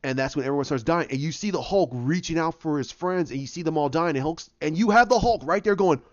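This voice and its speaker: A man's voice: a little high, fast, no echo, lo-fi sound. A man hosting a podcast, recapping a film casually and acting out scenes with many restarts. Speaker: podcast host.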